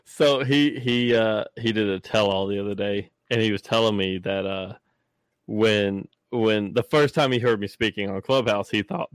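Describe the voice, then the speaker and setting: A man's voice: on the low side, normal speed, no echo. Blunt Southern man, casual and profane. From Southern United States. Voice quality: profane, blunt, laughs often. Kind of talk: casual chat.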